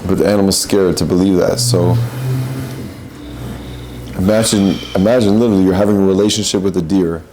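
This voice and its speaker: A man's voice: deep voice, fairly even intonation, brisk, dark tone, slight background noise, low-quality recording. A man giving a reflective spiritual talk in an earnest, searching way, often repeating and restarting his phrases. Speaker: podcast host.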